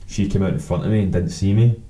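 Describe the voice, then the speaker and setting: Brief: young Scottish guy, low dark voice, sweary anecdote-teller, roomy echo. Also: fast talker. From Scotland. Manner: swears freely, animated anecdotes. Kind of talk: casual chat.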